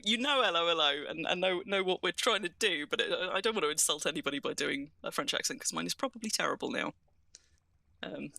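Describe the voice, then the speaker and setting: A woman's voice: on the low side, gravelly, bright, forceful tone, no echo. A woman with a southern English accent, chatting casually and rambling with self-mocking humour while streaming a game. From southern England. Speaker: streamer, co-host. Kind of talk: casual gaming chat.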